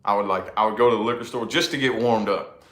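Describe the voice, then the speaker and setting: Man, low voice, casual storytelling, rambling, swearing, emphatic repeats, roomy echo. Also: fast, a bit bright. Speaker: podcast co-host.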